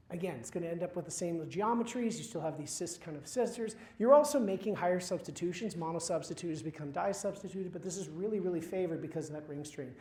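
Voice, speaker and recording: A man's voice: high-pitched, warm tone. Man lecturing in a roomy hall. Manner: quizzes the class, wry asides. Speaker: chemistry lecturer. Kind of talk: university lecture.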